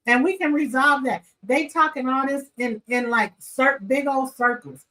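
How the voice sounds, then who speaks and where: Animated woman vlogger recapping a TV show. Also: high voice, moderate pace, rough recording. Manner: animated and opinionated, talks straight to viewers. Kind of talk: casual chat.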